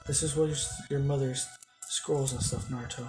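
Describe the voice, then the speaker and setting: A man voicing a calm young male ninja who acts as an elder brother, explaining things in a fan-made story. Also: mid-range voice, normal speed, music in the background, close to an everyday voice.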